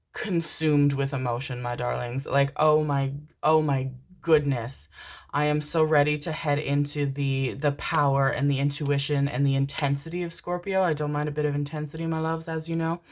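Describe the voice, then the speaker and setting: Low-voiced, gushing young woman tarot reader. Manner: affectionate, calls listeners "my darlings"; gushing, stacks repeated words. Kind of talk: casual tarot reading to camera.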